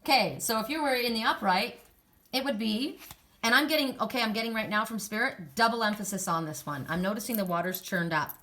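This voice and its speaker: A woman's voice: fairly high pitch, fairly quick, fairly bright tone. An older woman giving a casual, rambling oracle card reading, with frequent restarts and laughter.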